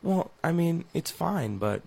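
A man's voice: on the high side, sing-song, a little slow, gravelly, darkish tone, slightly rough. A man co-hosting a sports radio show, talking in a chatty, rambling, teasing way and often interrupting. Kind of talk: casual sports radio banter.

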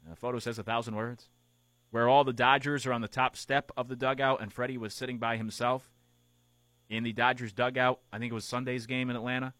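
Male sports radio host, mid-pitched and chatty, dry close sound, thinks out loud. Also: no room sound. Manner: conversational, musing aloud with relationship analogies. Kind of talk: casual sports talk commentary.

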